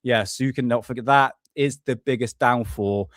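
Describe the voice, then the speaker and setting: A man's voice: medium pitch, normal speed, hardly any pauses, no echo. A man hosting a live stream, talking casually and ranting with swear words.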